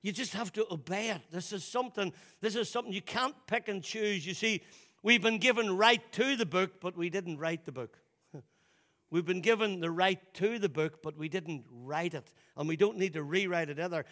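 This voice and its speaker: Male pastor mid-sermon, somewhat high voice, emphatic, repeats words for stress. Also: a bit bright. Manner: emphatic, repeats words when pressing a point. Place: church service.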